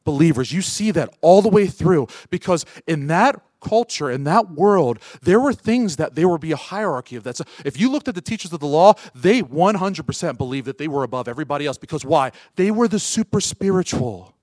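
A man preaching a sermon as pastor, firing rhetorical questions at the congregation and swinging from loud urgent peaks to soft hushed asides. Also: on the high side, expressive, brisk, hardly any pauses, no echo.

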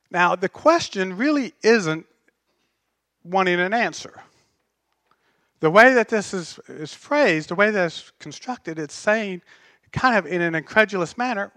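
A man preaching a sermon as pastor, conversational and animated, telling stories with self-deprecating humor. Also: high voice, a little slow, long pauses, no echo.

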